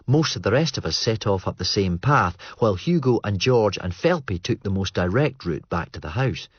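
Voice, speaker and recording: A man narrating an audiobook in a measured, understated way. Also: lowish voice, expressive, breathy edge, dry recording. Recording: muffled dry studio read.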